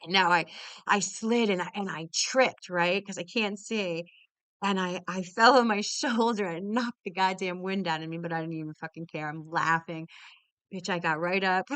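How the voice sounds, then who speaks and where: Exuberant, swearing woman with a bright voice. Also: mid-range voice, fairly even intonation, moderate pace, smooth, dry recording. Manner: exuberant, swears freely, laughs often; many restarts and repeated words. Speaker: podcast host. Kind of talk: casual storytelling.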